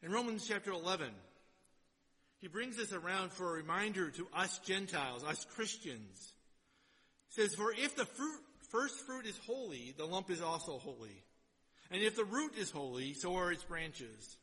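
High, bright-voiced preacher in a reverberant hall. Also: male voice, very animated, normal speed. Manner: swings between loud exhortation and quiet, low asides. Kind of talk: sermon with scripture reading.

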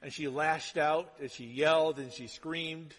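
A male pastor preaching a sermon in a conversational way, dropping to hushed asides and rising to loud emphatic lines. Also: a little high, steady tone, a little slow. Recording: long hall reverb.

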